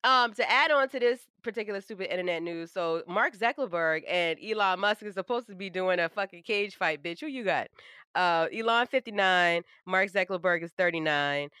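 A blunt, profane woman co-hosting a podcast in casual chat, with strong opinions. Her voice is bright and forward. The sound is dry and close. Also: on the low side, normal speed, clear, resonant tone, no echo. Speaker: podcast co-host.

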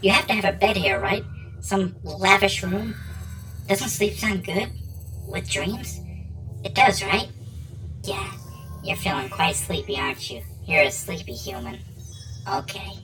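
A man's voice: high voice, measured pace, pauses often, bright, forceful tone, faint music behind, pitched above the performer's own voice, rough recording. A man voicing a condescending non-human being who coaxes a human to sleep. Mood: coaxing. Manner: condescending, coaxing.

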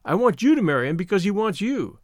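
A man reads a loyal, earnest young girl in a storybook. Her lines carry a lively, shifting pitch. The sound is close and dry. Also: fast, no echo. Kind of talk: audiobook reading.

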